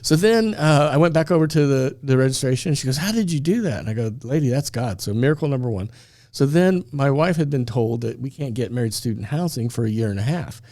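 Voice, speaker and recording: A man's voice: mid-range voice, lively intonation, brisk, warm tone, no echo, clean studio sound. A man telling a personal story on a faith talk show, acting out the dialogue and laughing often.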